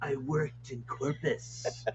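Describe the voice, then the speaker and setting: A man co-hosting a live show, retelling a ghost story in a slow, theatrical mock-spooky voice. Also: medium pitch, steady tone, dull audio, slight background noise. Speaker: co-host.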